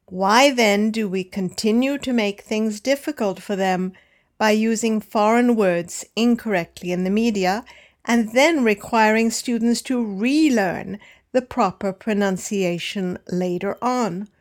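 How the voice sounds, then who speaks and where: Woman, language teacher, unhurried and exact, mid-pitched voice. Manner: slow, careful, deliberate enunciation. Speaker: English pronunciation teacher. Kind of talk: scripted pronunciation lesson.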